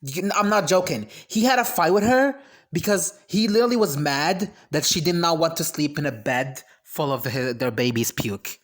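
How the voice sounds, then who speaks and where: A vlogger giving an animated, exasperated reaction rant, sarcastic and emphatic, breaking into high shrieks. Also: normal speed. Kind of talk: ranting reaction commentary.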